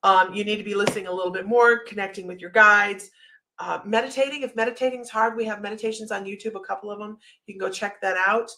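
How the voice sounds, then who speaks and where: Livestream host, woman, slight Southern accent, gravelly, chatty storyteller, mid pitch. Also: steady tone, quick pace, pushed and bright, poor audio. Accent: slight Southern American. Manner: chatty storyteller, lots of fillers and asides. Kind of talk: casual livestream chat.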